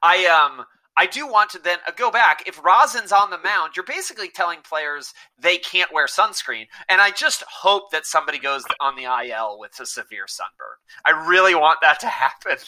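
Man hosting a sports podcast, bright and forceful, sarcastic, profane. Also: on the high side, animated, normal speed. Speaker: podcast host. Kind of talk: casual sports podcast chat.

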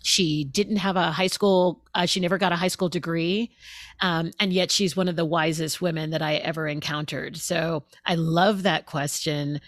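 A woman guest on an interview show talks openly and warmly expressive, laughing as she goes and acting out quotes. Her voice sits low. The sound is dry and close. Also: moderate pace, no echo. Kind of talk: conversational interview.

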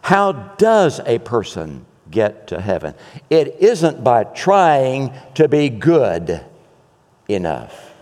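Pastor guy preaching slow n emphatic, repeats himself for effect, long hall echo. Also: medium pitch, very animated, a little mellow. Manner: emphatic, dramatic repetition and pauses. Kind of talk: sermon.

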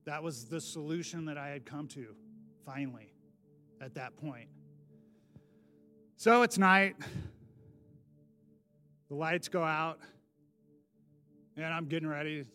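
A man's voice: a little high, slow pace, pauses often, bright, forceful tone, soft background music. A man telling his personal testimony in a candid, earnest storytelling manner with sudden emphatic bursts. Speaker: speaker giving a personal testimony. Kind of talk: spoken testimony message.

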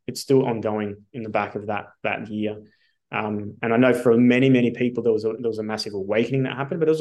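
An Australian man talking as a podcast guest at a mid-range pitch. He tells his story casually and with energy, swears freely and fills his sentences with ums and likes. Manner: animated, swears casually, many fillers.

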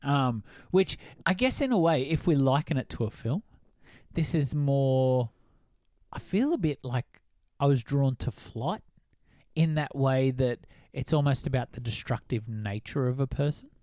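A man's voice: medium pitch, lively intonation, a little slow, mellow, no room sound, studio quality. A man hosting a casual film discussion podcast, musing and hesitant with frequent fillers. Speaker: podcast host.

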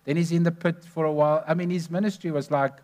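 A man's voice: a little high, fairly even intonation, fast talker, darkish tone. A man preaching a sermon, telling stories earnestly and stressing numbered points.

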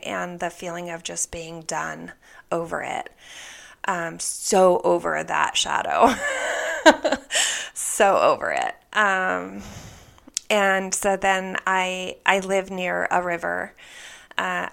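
A spiritual vlogger shares a personal spiritual story, speaking earnestly and softly and often dropping to a whisper. Her voice is fairly low in pitch and creaky.

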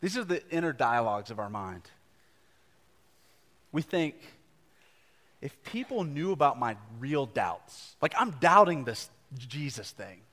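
A man's voice: mid-range voice, very animated, a little slow, pauses often, fairly bright tone. A young adult man preaching a live sermon to a congregation, conversational and earnest, with casual asides. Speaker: pastor. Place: church gathering before a congregation. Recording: live church recording with long hall reverb.

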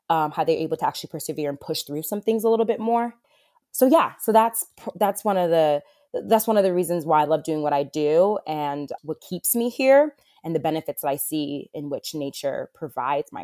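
A woman's voice: deep voice, a little mellow, dry recording, clean studio sound. A woman therapist talking in an interview, earnest and heartfelt, with lots of fillers. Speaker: wilderness therapist for adolescent boys. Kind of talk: conversational interview.

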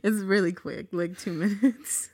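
A young woman co-hosting a podcast in casual chat, laughing often as she tells animated stories. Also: medium pitch, unhurried, crowd noise. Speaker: podcast co-host.

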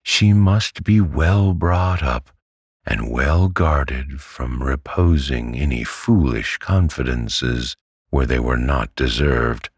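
A man's voice: rumbling low, takes it slowly, breathy edge, no echo, clean studio sound, full character voice. A man voicing a domineering elderly aunt in a storybook reading. She speaks in curt, commanding, impatient sentences. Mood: stern. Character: stern, brisk elderly aunt, domineering and abrupt.

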